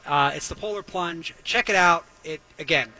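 A man's voice: a little high, normal speed, sharp tone, rough recording. A man hosting a talk show, ranting sarcastically and riffing for laughs. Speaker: radio show host. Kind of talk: comedic talk-show rant.

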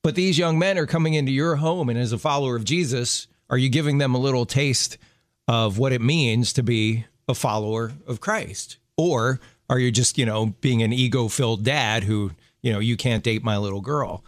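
A man's voice: mid-range voice, normal speed, dry recording, clean studio sound. A man in his fifties hosting a radio show, talking in an earnest, friendly way. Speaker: radio host. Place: radio studio.

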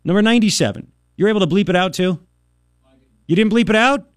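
A man in his thirties hosting a radio talk show, ranting in an animated, sarcastic way with mocking impressions. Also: sits high, fast talker, no echo, clean studio sound. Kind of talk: opinionated talk radio monologue.

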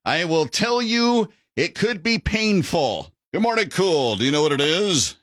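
A man's voice: high-pitched, sing-song, unhurried, a bit bright, no echo, clean studio sound. A man hosting a morning radio quiz, playful and teasing with callers. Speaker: radio morning show host. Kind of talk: upbeat radio quiz banter.

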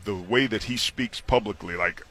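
Bright-voiced man telling football stories. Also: on the low side, normal speed. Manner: storytelling, imitates coaches with big voice swings. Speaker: guest, sports analyst and former football player. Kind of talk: animated radio interview. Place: radio row at a football event.

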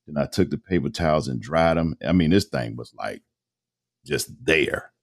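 A man's voice: very deep voice, normal speed. A middle-aged man, a voice-over artist, telling a long personal story as a podcast guest in a casual, slangy way and acting out the dialogue.

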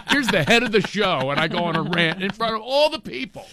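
A comedian guest on a radio morning show, telling a story as an animated rant and often breaking into laughter. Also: male voice, high-pitched, moderate pace. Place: radio studio.

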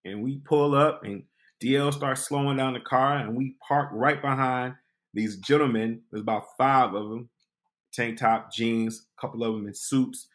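A man hosting a podcast, telling a comic personal story with animated delivery, acting out voices. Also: mid-range voice, normal speed. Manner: animated, acts out voices and quotes. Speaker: podcast host.

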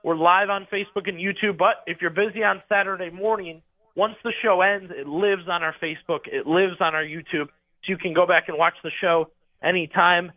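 A young man in his twenties calls in over a tinny phone line, his voice sitting high. He talks eagerly as a sports reporter, plugging the station's coverage. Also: steady tone, moderate pace, no echo. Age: 20s. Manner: eager, promotional. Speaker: radio sports reporter calling in. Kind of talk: casual radio talk.

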